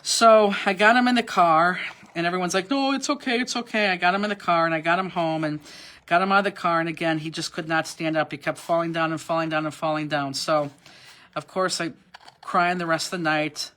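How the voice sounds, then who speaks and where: A woman's voice: lowish voice, steady tone, brisk, a bit bright. Chatty woman hosting a craft class. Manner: rambling, chatty, emotional, with frequent fillers and restarts. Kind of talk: live online craft class with chatty storytelling. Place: warehouse workspace.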